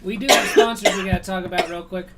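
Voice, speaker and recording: A man's voice: high-pitched, fairly even intonation, fast talker, recorded from a distance, a loud crowd. A man co-hosting a casual chat show, rambling and laughing often. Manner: laughs a lot, rambling, reads sponsor list. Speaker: co-host.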